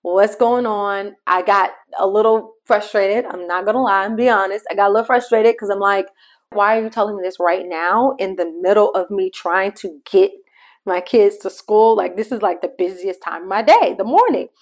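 Woman telling a faith story on a podcast. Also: mid-range voice. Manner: conversational, storytelling, addresses listeners directly; shifts pace between slow emphasis and quick asides. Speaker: podcast host. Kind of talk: devotional podcast talk.

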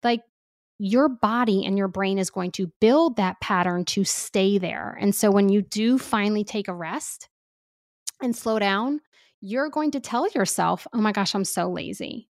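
A woman speaking as a parenting expert guest in casual podcast talk, animated and chatty with lots of fillers. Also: medium pitch, unhurried, no room sound, clean studio sound.

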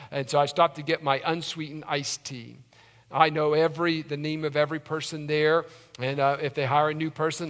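Pastor guy preaching hard, bright tense voice, drops to a hush then builds back up, big echoey church. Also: on the high side. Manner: impassioned, swinging from loud urgency to hushed pleading. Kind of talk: sermon. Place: church sanctuary. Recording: long hall reverb.

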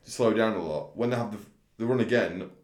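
A man's voice: fairly low pitch, fairly quick, darkish tone. A man chatting casually about horse racing tips, thoughtful and a little hesitant. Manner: thoughtful, hesitant, repeats words. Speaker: racing tipster. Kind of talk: casual chat. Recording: echoey room.

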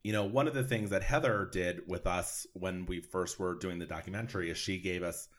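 A man hosting a casual interview, talking in a conversational, rambling way that trails off softer at the ends of phrases. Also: deep voice, fairly quick. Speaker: host, interviewer.

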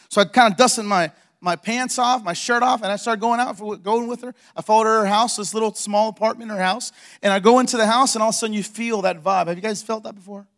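High-voiced pastor preaching with energy. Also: male voice, quick pace, few pauses. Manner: energetic storytelling, acting out dialogue. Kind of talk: sermon. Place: church.

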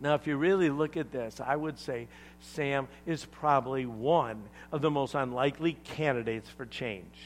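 A man preaching a sermon to a congregation, swinging between loud emphatic lines and hushed asides, joking with the room. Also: mid-range voice, normal speed, slight background noise. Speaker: pastor.

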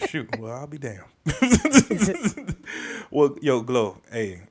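A man's voice: mid-range voice, huge pitch swings, very slow, a little mellow, breathy edge. A man hosting a podcast in casual chat, laid-back, laughing often and repeating himself as he talks. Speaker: podcast host.

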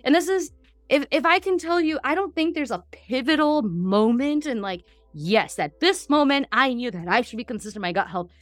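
A gut health practitioner in her thirties hosts a casual podcast conversation, her high voice animated and fast, packed with fillers and asides. The recording has no room sound, with faint music in the background.

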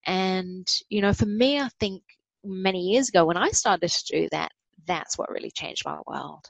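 A woman's voice: fairly low pitch, normal speed, gravelly, no room sound, dull audio. Encouraging woman, dry close sound. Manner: warm, encouraging, animated when voicing positive self-talk. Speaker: podcast guest. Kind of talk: casual conversational interview.

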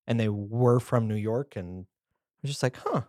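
A man with a fairly low voice co-hosts a casual podcast. He tells stories with eager energy and jumps into guessing games. The recording is dry and close. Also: a little slow, mellow, no echo. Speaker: podcast co-host. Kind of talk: casual chat.

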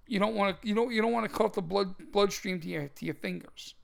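Gravelly high-voiced man explaining emphatically. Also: a little fast. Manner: emphatic, repeats words, instructive. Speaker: podcast co-host. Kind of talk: casual martial arts chat.

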